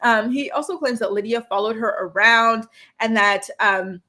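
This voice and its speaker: Indignant young woman recapping TV. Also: moderate pace. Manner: animated, indignant, acts out quotes with pitch jumps. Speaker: reality TV recap vlogger. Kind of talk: casual opinionated recap.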